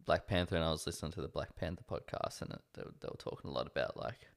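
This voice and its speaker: A man's voice: rumbling low, fast, creaky. A young Australian man co-hosting a podcast, chatting casually in a rambling, hesitant way with lots of fillers. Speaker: podcast co-host. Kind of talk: casual chat.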